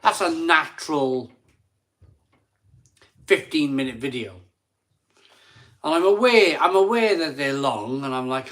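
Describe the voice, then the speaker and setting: Slightly tipsy middle-aged guy on a live stream, higher voice, slow rambly chat, laughs at himself a lot. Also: animated, a bit bright. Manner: chatty, laughing, self-mocking, rambling with restarts. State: tipsy after a few beers. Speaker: livestream host reading viewer comments.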